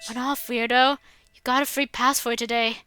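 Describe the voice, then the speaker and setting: A woman's voice: fairly high pitch, flat delivery, normal speed, sharp tone, faint music behind. A woman voicing a crude, sneering schoolboy bully leader in a visual novel. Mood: threatening.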